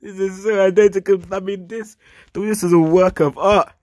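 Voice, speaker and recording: A man reacting casually to pictures, repeating words, squealing high greetings and shouting refusals. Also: steady tone, moderate pace, dry recording. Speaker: YouTube reaction host.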